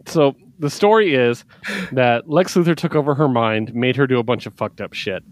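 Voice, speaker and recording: A man's voice: medium pitch, normal speed, no room sound. A man co-hosting a podcast, recapping comics in casual chat with filler words and swearing. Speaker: podcast co-host.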